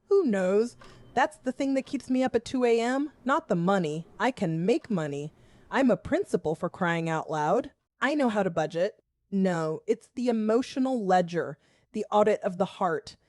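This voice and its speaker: A woman in her forties from the American South narrates her own story in a wry, confessional first person. Her mid-range voice comes through close and dry, with no room around it. She keeps a measured, steady delivery. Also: mid-range voice, no room sound. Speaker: storyteller, school principal.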